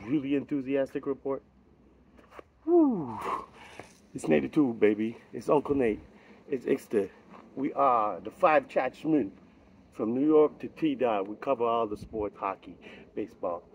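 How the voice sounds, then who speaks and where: A man hosting a sports vlog outro, rowdy, profane and hyped, rambling between shouts. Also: medium pitch, a little hiss or hum. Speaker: vlog host.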